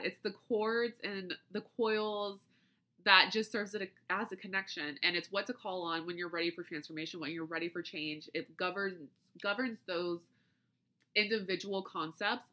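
A woman's voice: fairly low pitch, pushed and bright. A woman hosting a podcast, reading out long lists item by item and then explaining things loosely, with restarts along the way. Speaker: podcast host. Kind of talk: casual podcast chat.

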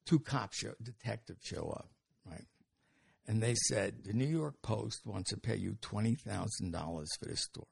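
Older male guest with a gravelly, husky voice, recorded dry and close, who tells stories animatedly and acts out the dialogue. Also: fairly low pitch, moderate pace, darkish tone, no room sound. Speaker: interview guest. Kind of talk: anecdotal storytelling.

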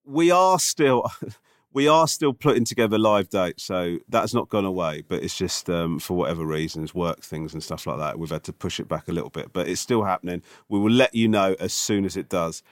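Lowish-voiced comedian guy, blunt and teasing, dry sound. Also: moderate pace, dry recording. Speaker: comedian and podcast co-host. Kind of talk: casual chat.

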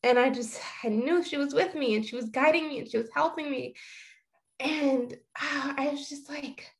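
Reflective, halting woman with a higher voice. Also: fairly even intonation. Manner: reflective, halting, with frequent restarts. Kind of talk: casual personal storytelling.

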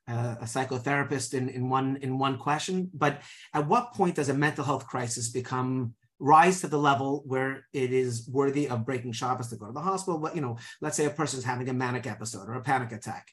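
Brief: male podcast host, mid-pitched, halting, thinks aloud as he asks. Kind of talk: podcast interview.

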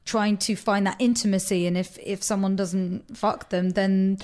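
A woman's voice: medium pitch, steady tone, darkish tone. A woman co-hosting a podcast, joking playfully in casual chat. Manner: playful, jokey, quick to chime in. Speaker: podcast co-host.

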